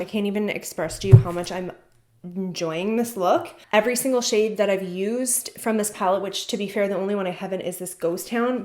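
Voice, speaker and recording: A woman's voice: mid-range voice, darkish tone, slight background noise. A woman chatting enthusiastically through a casual makeup tutorial as a beauty vlogger, talking while she works. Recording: echoey room.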